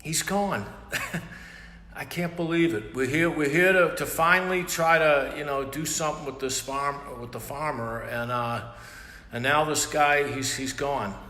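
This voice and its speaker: A man hosting a live stream, exasperated, shouting for an answer and muttering curses under his breath. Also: fairly high pitch, a little slow. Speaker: stream host. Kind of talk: casual live-stream comedy bit. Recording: echoey room with long reverb, faint hiss.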